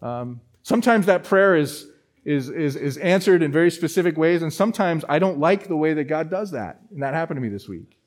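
A man's voice: a little high, a little fast. A man, a pastor, preaching a sermon and telling a personal story, with frequent restarts. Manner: storytelling, animated with many restarts. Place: church.

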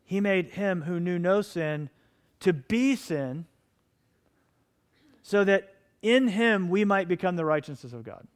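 A man's voice: high-pitched, expressive, slow pace, long pauses, smooth. A middle-aged man preaching a sermon as pastor, impassioned and pleading with his listeners.

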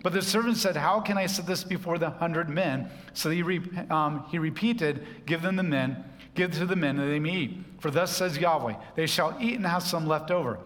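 A man's voice: fairly high pitch, a bit bright. Man preaching in a reverberant hall. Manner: conversational Bible teaching with asides. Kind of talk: sermon.

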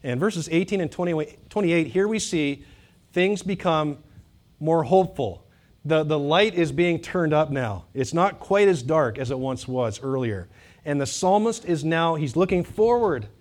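A fairly high-voiced man preaching a sermon in a church. He gets worked up into loud, emphatic runs, then drops to soft, wry asides to his congregation. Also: unhurried. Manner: animated, swings from loud emphatic bursts to quiet asides. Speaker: pastor.

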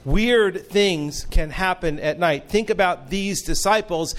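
Male pastor, measured unhurried sermon delivery, earnest storyteller with light humor. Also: high voice, fairly bright tone.

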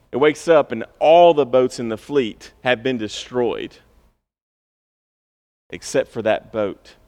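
A man's voice: mid-range voice, a bit bright. A male pastor preaching a sermon in a conversational, storytelling way with bursts of emphasis. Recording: long hall reverb.

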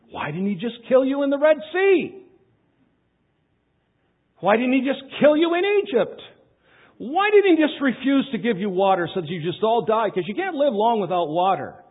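A pastor preaching a sermon, swinging from loud pleading questions to quiet asides. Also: male voice, very high voice, slightly rough. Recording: tinny phone-like sound.

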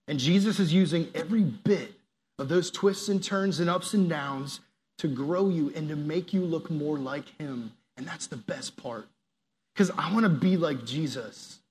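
A man preaching a sermon as a youth pastor, animated, acting out quoted prayers and dropping to soft, earnest appeals. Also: a little high.

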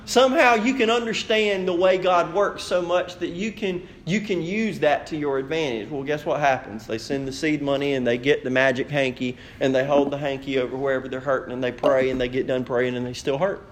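A man's voice: mid-range voice, a little fast, few pauses, slight background noise. A man preaching a sermon as pastor, emphatic and conversational.

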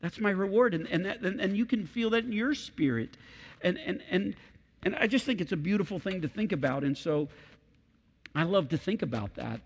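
A man's voice: high-pitched, lively intonation, moderate pace, slightly rough. A middle-aged man preaching a sermon as pastor, emphatic and repeating key phrases for weight. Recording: long hall reverb.

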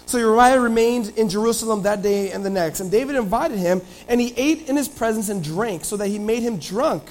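A man preaching a sermon, retelling scripture in animated storytelling that swings between loud and soft. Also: sits high, moderate pace, low-quality recording.

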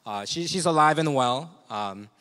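A man's voice: on the high side, expressive, normal speed, pushed and bright. A man preaching as a pastor in a candid, conversational sermon, confessional and chuckling often. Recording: long reverb of a large hall.

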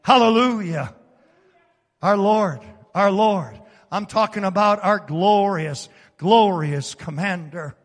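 High-pitched male pastor, slow, dramatic sermon with bursts of shouting, echoing church hall. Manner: preaching with sudden shouts and dramatic swings. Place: church sanctuary.

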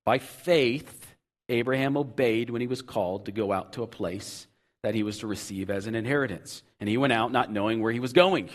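This man preaches briskly and earnestly, repeating himself as he builds to loud, emphatic moments before dropping into quiet, low-voiced asides.

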